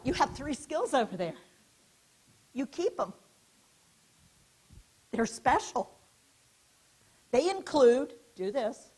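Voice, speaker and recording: A woman giving a keynote talk at a conference. She speaks in an animated, directive way, asking the audience questions and guiding them through hand gestures, with a small mic worn near her neck. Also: sits high. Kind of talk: interactive conference lecture. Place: conference hall stage.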